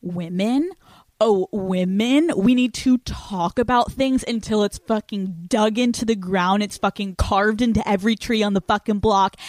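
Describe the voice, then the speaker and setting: A woman's voice: mid-range voice, darkish tone, no echo. A young adult woman hosting a podcast, giving blunt dating advice in a brash, heavily profane way and often acting out imagined conversations. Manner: blunt, brash, swears constantly, acts out imagined dialogues. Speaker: podcast host.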